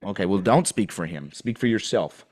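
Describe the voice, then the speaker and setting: A man's voice: on the low side, animated, moderate pace, a little mellow. Guy grilling a cop in a deposition, pointed, keeps pushing the same question. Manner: pointed, pressing, repeats questions. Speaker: plaintiff questioning an officer in a deposition.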